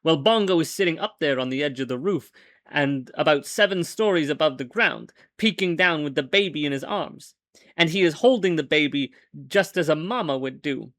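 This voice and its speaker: A man hosting a show and reading an old-fashioned story aloud, with wry, deadpan storytelling and small stumbles. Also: fairly high pitch, moderate pace, no echo, studio quality. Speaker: host and reader.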